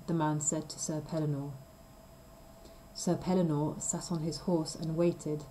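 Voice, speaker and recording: A woman reading a simple story aloud for language learners, slow and clear. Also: low-pitched, little pitch movement, dark tone, a little hiss or hum, rough recording. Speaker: reader of a graded story. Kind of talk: scripted storybook narration for learners.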